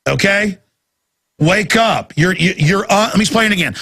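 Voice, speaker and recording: Gravelly, ranting male radio host. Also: high voice, moderate pace, pushed and bright. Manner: ranting, emphatic, repetitive. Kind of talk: heated talk radio monologue.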